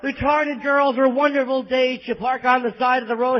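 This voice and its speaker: A man's voice: very high voice, flat delivery, moderate pace, few pauses. A man with a New York accent doing a crude, self-deprecating stand-up set at a live club, on a muffled bootleg recording. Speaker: stand-up comedian. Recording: muffled bootleg audience tape.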